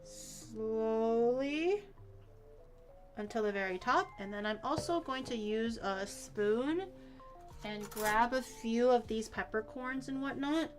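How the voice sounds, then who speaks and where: A woman's voice: fairly high pitch, a little slow, soft background music. A woman streaming herself cooking in a home kitchen, chatting casually, rambling through explanations and swearing now and then.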